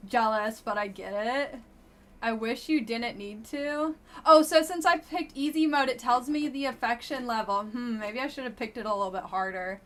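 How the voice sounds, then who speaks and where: A woman streamer chatting her way through a dating game live, blunt and wry in her remarks. Her voice is bright and sits a little high, with a loose, offhand delivery. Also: moderate pace. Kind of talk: casual live-stream commentary.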